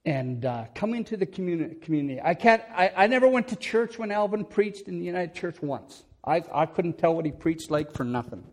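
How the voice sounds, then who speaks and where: An older man speaks at church in a slightly high voice, telling rambling, homespun stories of faith. He chuckles often, trips over his words and restarts them. He talks into a headset mic. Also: animated, fairly quick, few pauses. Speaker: church speaker giving testimony. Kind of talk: folksy testimony storytelling.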